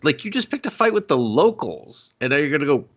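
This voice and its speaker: A man's voice: a little high, sing-song, fairly quick, fairly bright tone. A man co-hosting a movie podcast, retelling scenes in casual chat with mocking voices, swearing and laughing. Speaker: podcast co-host.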